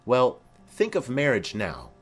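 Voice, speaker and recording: A man's voice: mid-range voice, wildly swooping pitch, slow pace, breathy edge, faint music behind, exaggerated voice. A man voicing a formal, commanding noblewoman mother in a dramatic reading of a play.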